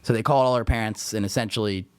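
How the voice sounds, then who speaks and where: A man's voice: on the low side, steady tone, racing, clear, resonant tone, dry recording. Brief: male podcast co-host, casual rambling storyteller, swears freely, dry close-mic sound. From Florida Panhandle. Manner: laid-back, rambling, swears freely, says dude and like a lot.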